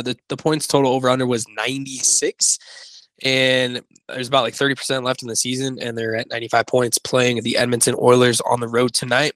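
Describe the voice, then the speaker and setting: A man's voice: mid-range voice, fairly bright tone, dry recording, rough recording. Rambling man chatting about sports bets. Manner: rambling, stumbles and corrects himself. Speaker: podcast co-host. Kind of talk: casual sports-betting chat.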